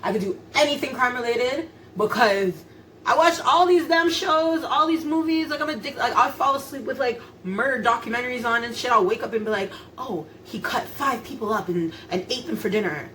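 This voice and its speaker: A woman's voice: fairly high pitch, a little fast, few pauses, a bit bright, a little hiss or hum. A young woman vlogging at home while cooking, chatty and laughing, swearing casually. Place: home kitchen.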